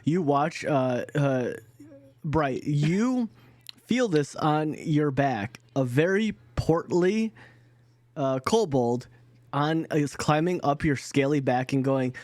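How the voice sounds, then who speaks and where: A man narrating a tabletop role-playing session, his voice sitting a little high and his delivery unhurried. He breaks into laughter often and restarts sentences as he goes, recorded close and dry with no room sound. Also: lively intonation, darkish tone, dry recording. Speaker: dungeon master.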